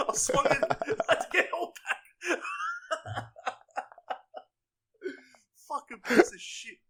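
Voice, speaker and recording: A man's voice: very high voice, very animated, takes it slowly, long pauses, a bit bright. A young man co-hosting a podcast, telling crude, profanity-heavy stories with a lot of laughing. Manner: swearing, rowdy, laughing storyteller. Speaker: podcast co-host. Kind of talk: casual storytelling chat.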